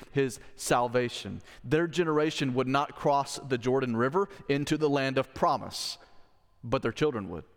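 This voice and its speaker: A male pastor preaching with earnest emphasis, repeating his key phrases and putting direct questions to the congregation. His voice sits at an ordinary middle pitch for a man. It rings out with the long reverb of a church sanctuary. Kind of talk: sermon.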